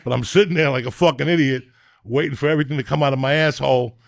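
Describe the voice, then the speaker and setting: A middle-aged man, telling crude comic stories in a loud, profane, animated way. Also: mid-range voice, very fast, gravelly, dry recording, studio quality. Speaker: comedian and podcast host.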